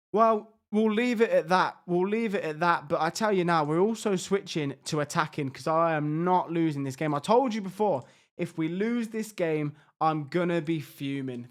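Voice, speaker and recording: Brief: high-pitched gamer, excitable, frustrated reaction commentary. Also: male voice. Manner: exasperated, excitable, talks to his players. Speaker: gaming YouTuber. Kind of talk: live reaction commentary on a football management game.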